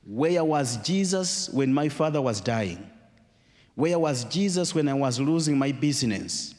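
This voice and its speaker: A man's voice: a little high, lively intonation, a little slow. A man voicing a threatening man who claims to be a demon, spoken in a reverberant hall. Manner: threatening, shouted accusations.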